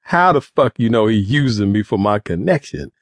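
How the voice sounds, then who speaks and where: A man's voice: medium pitch, lively intonation, moderate pace, vocal fry, no room sound. A man voicing a hard-edged adult drug boss who barks profane commands. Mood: brusque.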